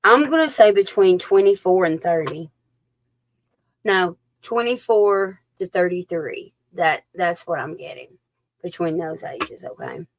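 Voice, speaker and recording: Casual woman, psychic reader on a live stream, low-pitched and unhurried, slipping into whispers. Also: animated, a little hiss or hum. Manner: folksy, chatty, drops into whispers. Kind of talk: live-stream tarot reading chat.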